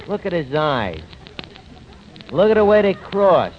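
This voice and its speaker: Brash wisecracking tavern manager. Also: male voice, high-pitched, big pitch swings. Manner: fast-talking, sarcastic, slangy. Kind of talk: 1940s radio comedy acting. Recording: dull lo-fi old radio recording, faint hiss.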